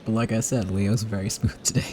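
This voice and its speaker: A man's voice: fairly low pitch, fairly even intonation, a little fast, darkish tone, slight background noise. A man giving casual, amused commentary while streaming a story game. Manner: chatty, amused, with laughs. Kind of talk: casual let's-play commentary. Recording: voice over game music.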